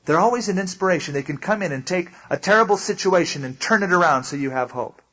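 A male pastor teaches a sermon in a loose, conversational way, stopping often to explain. His voice is a little high and husky. The recording has a dull, lo-fi sound. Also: expressive, fast talker, a bit bright. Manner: conversational, explains with asides and acted quotes. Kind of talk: sermon, verse-by-verse Bible teaching.

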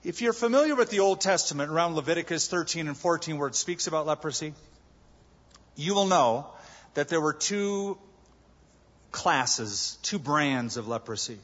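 Male pastor, sermon, slightly high voice, breathy; dull recording in a big reverberant hall. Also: moderate pace. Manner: animated preaching, acting out voices and shouts. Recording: dull, echoey large hall.

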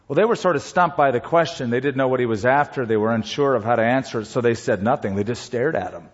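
A man preaching a sermon as pastor, telling stories in an unhurried way with pauses. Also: medium pitch. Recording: dull lo-fi recording.

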